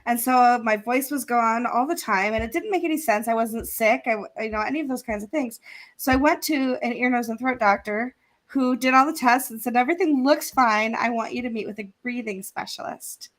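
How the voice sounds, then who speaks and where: A woman hosts a live online event from a remote video call, chatting casually, laughing often and thanking sponsors in a casual live-stream style. Her voice is on the high side and a little fast.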